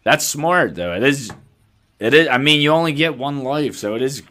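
A man's voice: mid-range voice, lively intonation, moderate pace, sharp tone. A man, hosting a casual podcast chat, blunt and swearing freely with frequent laughs. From Philadelphia. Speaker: podcast host.

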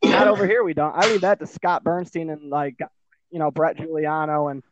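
American man, podcast host, rambling and profane, fairly high voice, dull lo-fi recording. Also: brisk, background noise. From Michigan, USA. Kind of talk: casual podcast chat.

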